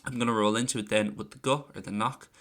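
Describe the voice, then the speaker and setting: A man with a lowish voice teaches grammar in a chatty, relaxed way. He walks through examples and slows down to repeat key phrases. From Ireland. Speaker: Irish language teacher. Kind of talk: casual online lesson.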